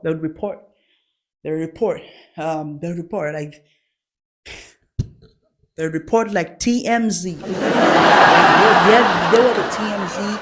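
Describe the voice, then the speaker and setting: A woman's voice: mid-range voice, noisy background. Chatty laughing woman telling stories. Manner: laughing often, chatty, self-mocking. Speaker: host. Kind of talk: comic storytelling.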